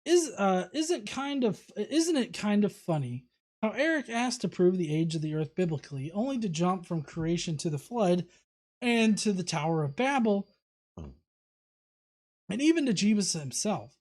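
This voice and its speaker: A man's voice: sits high, animated, moderate pace, darkish tone. A man hosting a livestream, casually reading viewer comments aloud with many fillers and restarts. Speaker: host.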